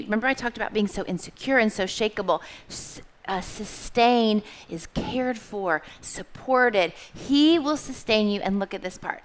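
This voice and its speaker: A woman's voice: mid-range voice, normal speed. A woman giving a sermon to young listeners, asking them questions and having them repeat words back. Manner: expressive, asks the audience questions and has them repeat words. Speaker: children's Bible teacher.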